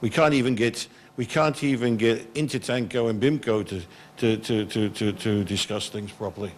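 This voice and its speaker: A man's voice: lowish voice, fairly even intonation, moderate pace. A middle-aged man, answering as a panelist in a conference hall in a blunt, exasperated, frank way. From England.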